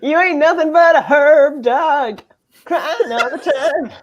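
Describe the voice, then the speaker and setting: Someone doing a drawly crooning king impression, chuckles a lot, slow easy delivery. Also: high voice, a crowd in the background. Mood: teasing. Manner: slips song titles into the talk. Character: impression of a famous singer, swaggering crooning King. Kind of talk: improvised comedy scene.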